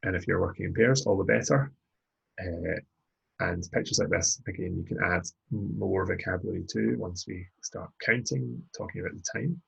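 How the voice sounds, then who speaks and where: A low-pitched man with a gravelly, husky voice talks through a recorded language lesson. He speaks slowly and patiently, repeating phrases for learners. The sound is dull and lo-fi. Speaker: language tutor.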